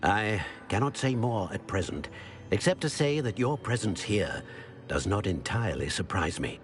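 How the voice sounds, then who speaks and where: An actor voicing a grave male professor who is a seer, speaking in a measured, formal way in a video game. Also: on the low side, lively intonation, a little hiss or hum, lightly acted. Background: game music.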